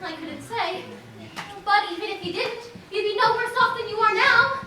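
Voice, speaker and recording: A woman's voice: very high-pitched, moderate pace. A woman on a theater stage playing a young farm girl, earnest and sweetly polite. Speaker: stage actor. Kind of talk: live community theater acting. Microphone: distant audience camera. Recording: echoey theater heard from far off with music.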